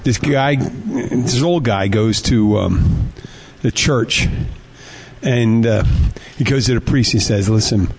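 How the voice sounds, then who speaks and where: A man's voice: mid-range voice, slow, vocal fry, a little hiss or hum. A man hosting a radio show, bantering casually, swearing and telling jokes with little voices for the characters. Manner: swears freely, laughs often.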